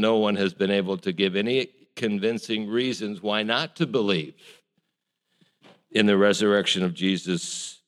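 A man's voice: lowish voice, a bit bright. A man preaching a sermon, emphatic and conversational, repeating words and stressing key claims with rising force. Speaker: pastor.

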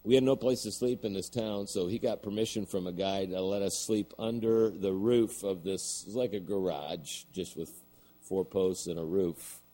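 A man's voice: low voice, fairly even intonation, normal speed, warm tone, poor audio. A middle-aged man preaching a sermon, telling a story and then building to emphatic points. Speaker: pastor.

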